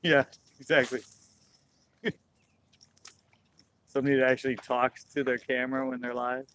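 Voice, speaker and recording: Outdoors at a lake, a man livestreams his fishing through a phone camera, chatting casually and laughing a lot. His medium-pitched voice is a bit bright, moves little in pitch, runs at normal speed, and has slight background noise behind it.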